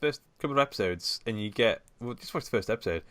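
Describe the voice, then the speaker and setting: Male co-host, low pitch, mumbly casual delivery, dry recording. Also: animated, quick pace, fairly bright tone, dry recording. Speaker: podcast co-host. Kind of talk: casual chat.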